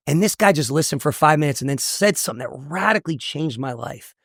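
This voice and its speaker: Fast-talking man with a gravelly voice. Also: on the high side, lively intonation, fairly bright tone, no room sound, clean studio sound. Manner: intense, earnest storytelling with repetitions. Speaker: motivational speaker and coach. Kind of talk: emotional personal testimony.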